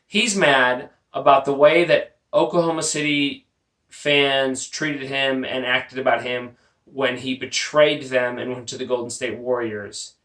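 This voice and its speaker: A Texan sports podcast host rants bluntly and profanely, mocking the people he discusses in an opinionated tirade. His mid-range voice is steady, fairly bright and a little slow, picked up by a roomy, distant home mic.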